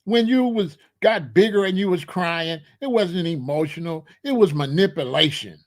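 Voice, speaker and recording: Host, male, higher-pitched voice, emphatic rhetorical delivery, casual talk. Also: lively intonation, moderate pace. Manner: emphatic, rhetorical, repeats points. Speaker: commentary host. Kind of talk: casual spoken commentary.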